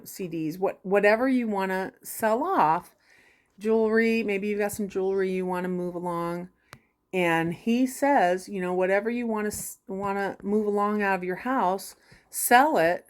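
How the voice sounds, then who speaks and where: A woman vlogging casually from her home about reselling, rambling with lots of fillers and restarts. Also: mid-range voice. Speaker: vlogger sharing reselling tips. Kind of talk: casual chat to camera.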